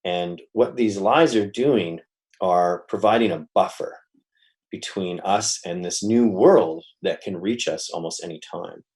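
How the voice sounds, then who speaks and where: A man's voice: low-pitched, unhurried, a little mellow. A middle-aged man giving an academic talk in a conversational way, with frequent fillers and restarts. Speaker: lecturer.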